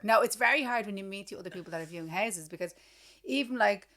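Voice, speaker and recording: Irish woman, mid-pitched, blunt teasing podcast co-host. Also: quick pace, a bit bright. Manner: blunt, teasing, swears freely. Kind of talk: casual chat.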